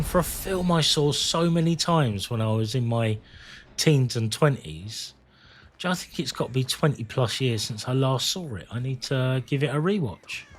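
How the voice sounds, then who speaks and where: This Englishman has a mid-range voice, with a little hiss or hum on the recording. He chats candidly while streaming a game, rambling along and swearing freely.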